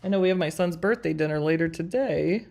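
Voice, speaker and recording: Her voice sits on the low side, a little mellow and creaky, and she talks fast. The woman, in her forties, hosts a live craft design stream, working through a tutorial and chatting warmly with viewers.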